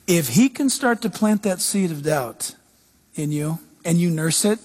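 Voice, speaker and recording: A man's voice: fairly high pitch, lively intonation, measured pace, darkish tone. A man giving a casual Bible teaching talk, emphatic and repetitive, often restarting his sentences.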